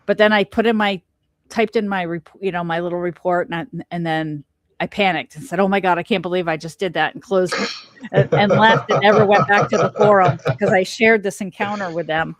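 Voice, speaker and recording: Speaking briskly in a medium pitch, a middle-aged woman shares a personal encounter as a podcast guest. It's a casual storytelling interview, and she brings it to life by performing the quoted lines.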